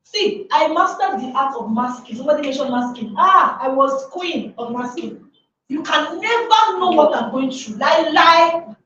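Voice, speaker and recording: A woman's voice: high voice, animated, moderate pace, fairly bright tone, slight background noise. A woman giving a motivational workshop talk to a live audience, emphatic and full of rhetorical questions. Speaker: workshop speaker. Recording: echoey room from far off, dull sound.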